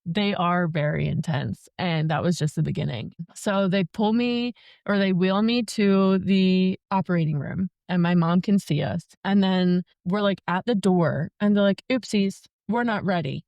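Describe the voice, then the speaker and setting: A woman's voice: on the low side, measured pace, a little mellow, dry recording, dull audio. Chatty young woman telling a story. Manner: chatty, joking, many fillers like "like". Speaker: podcast guest. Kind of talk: casual storytelling.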